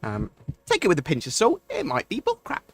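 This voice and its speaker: A man's voice: high voice, wildly swooping pitch, a little fast, creaky, a bit bright, husky, no echo. A man chatting on a live stream, answering viewer questions and rambling with many fillers and restarts. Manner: rambling, thinks aloud with many ums and restarts. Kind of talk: casual live-stream chat.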